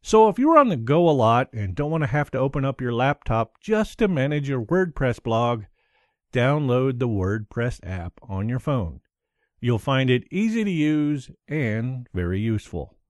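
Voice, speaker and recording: A man's voice: medium pitch, no echo, studio quality. A man hosting a solo podcast, upbeat and chuckling between points. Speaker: podcast host.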